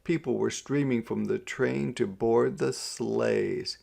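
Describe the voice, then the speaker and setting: Slow gravelly man reading a storybook. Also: medium pitch, darkish tone. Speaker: storybook reader. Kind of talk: read-aloud narration.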